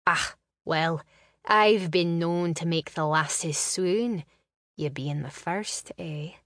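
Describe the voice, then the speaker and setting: Give me a loyal young Highland guardsman played by a woman with a thick Scottish accent, speaking in a low, slow and wry way. He sounds dry and close to the mic, like a storybook read aloud. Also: fairly bright tone, no echo.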